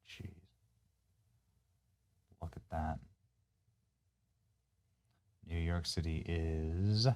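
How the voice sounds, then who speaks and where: Reacting to clips on his political show, the male host keeps up a stream of derisive sarcasm. He lurches from loud jeers to quiet, grumbling mutters.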